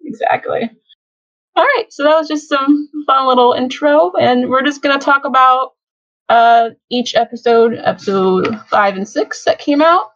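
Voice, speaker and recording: A woman's voice: sits high, measured pace, a bit bright, no room sound, highs cut off. A young woman hosting a casual fan podcast, chatty and giggly, with lots of fillers. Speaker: podcast host.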